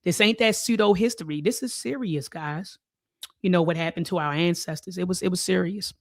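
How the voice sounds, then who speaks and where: A woman's voice: on the low side, fairly quick, dry recording, clean studio sound. A woman hosting a talk show, reading a document aloud and stressing key words, with casual asides to her viewers.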